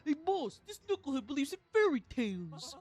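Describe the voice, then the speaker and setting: A woman voicing a loudmouthed male gangster henchman with a Brooklyn accent, taunting and sneering. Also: high voice, big pitch swings, normal speed, dry recording, faint music behind, pitched above the performer's own voice.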